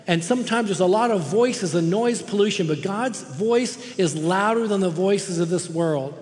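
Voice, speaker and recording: A man's voice: high-pitched, moderate pace, a little mellow, in a large hall. A man preaching a sermon as a guest preacher in a church, impassioned and emphatic, repeating words for stress. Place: church sanctuary.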